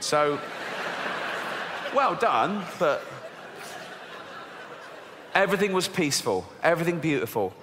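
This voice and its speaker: English male comic, high and animated, mocking and foul-mouthed, live in a big echoing theatre. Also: a little slow, long pauses, background noise. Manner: mocking, sweary, laughs through his lines. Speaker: stand-up comedian. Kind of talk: live stand-up routine. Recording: big theatre echo with audience.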